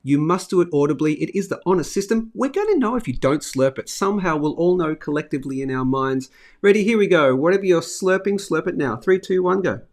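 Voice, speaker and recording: A middle-aged Australian man hosts a live stream with a casual, upbeat patter. He reads out viewer comments and chats freely in a voice of ordinary pitch. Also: lively intonation, quick pace. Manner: chatty, upbeat, reads chat comments aloud. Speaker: host of a live finance show.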